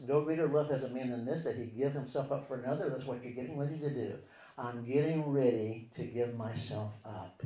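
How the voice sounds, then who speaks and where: A man teaching in a sermon style who keeps asking his listeners rhetorical questions and moves between loud, emphatic stretches and quiet asides. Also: fairly high pitch. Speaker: Christian relationship teacher. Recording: echoey room.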